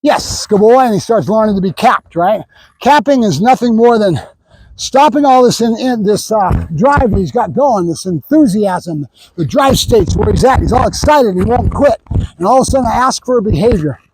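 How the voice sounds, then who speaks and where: Dog trainer, man, middle-aged, high-pitched, relaxed plain explainer, slight outdoor hiss. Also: normal speed. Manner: praises dog in high sing-song bursts, explains plainly. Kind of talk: casual training demonstration.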